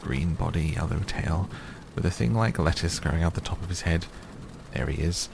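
A man's voice: deep voice, moderate pace, creaky, noisy background. A man voicing an old male miser who talks between laughing and crying. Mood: excited. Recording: steady rain sounds behind.

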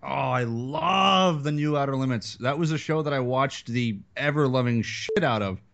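A man's voice: mid-range voice, normal speed, fairly bright tone, lo-fi sound. A man in a casual chat, telling a nostalgic story with animation.

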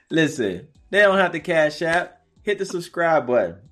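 A man's voice: a little high, very animated, measured pace, a bit bright. A man hosting a podcast interview, giving encouraging, preacher-like advice with lots of repetition. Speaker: podcast host. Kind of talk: casual interview chat.

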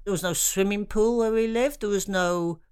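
A woman's voice: medium pitch, normal speed, darkish tone, smooth. A middle-aged woman from Ireland, a comedian, talking frankly and self-deprecatingly about her life in an interview, often laughing through her stories. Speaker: comedian guest. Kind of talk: candid conversational interview.

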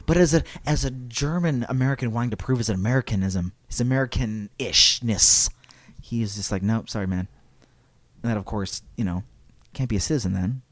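A man's voice: mid-range voice, a little fast, no room sound. Casual male podcast host telling history. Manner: casual, digressive, reads quotes aloud.

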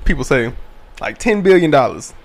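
A man co-hosting a podcast in casual chat, cracking quick jokes. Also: a little high, big pitch swings. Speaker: podcast co-host.

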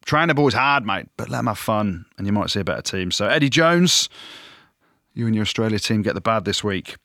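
A man co-hosting a rugby podcast, talking in lively, jokey banter and handing out punchy verdicts. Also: fairly low pitch, brisk, no echo. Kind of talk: casual sports banter.

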